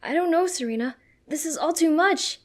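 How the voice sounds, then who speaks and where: A flustered teenage boy hero stuck in a girl's body, as a woman reading a fan story puts him on speaks in a raised, higher voice. He yells loudly and anxiously. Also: very animated, normal speed. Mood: alarmed, yelling. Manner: loud, anxious yelling.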